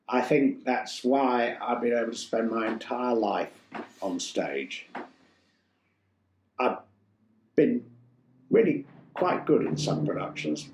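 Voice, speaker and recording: An older man from Yorkshire, a stage actor telling stories in an interview with a theatrical, animated manner. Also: mid-range voice, slight background noise. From Yorkshire, England. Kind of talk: casual interview storytelling. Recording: roomy echo, faint music.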